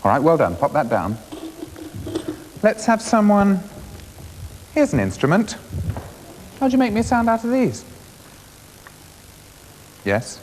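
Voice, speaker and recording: A man leads a class of young children through percussion games, brisk and encouraging. His voice swings up and down a lot. It is heard on an old 1980s schools TV recording, with a long hall reverb and faint background hiss. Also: sits high, huge pitch swings, a little mellow. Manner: encouraging, brisk teacher questions. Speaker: music presenter teaching a primary class. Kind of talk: classroom music lesson for schools TV.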